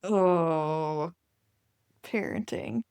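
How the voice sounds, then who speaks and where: A woman co-host chatting casually on a podcast, upbeat and quick to laugh. Her voice sits fairly low and the recording is dry and close. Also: gravelly, a little mellow, clear, resonant tone, no echo. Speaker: podcast co-host and enneagram coach. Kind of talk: casual chat.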